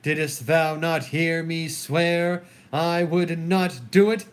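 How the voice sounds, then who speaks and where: A man's voice: fairly high pitch, steady tone, very slow, smooth. A man reading a play aloud alone, voicing a curt, refusing royal brother. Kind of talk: solo dramatic reading of a play.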